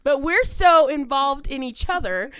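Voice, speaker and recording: A woman hosting a podcast, telling a story in casual chat, animated and profane, laughing often. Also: high-pitched, a little slow. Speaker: podcast host.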